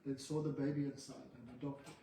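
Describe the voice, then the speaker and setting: A man's voice: mid-range voice, little pitch movement, quick pace, warm tone. Chatty man teaching a scripture class. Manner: chatty, joking asides to students. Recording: roomy hall from a distant mic.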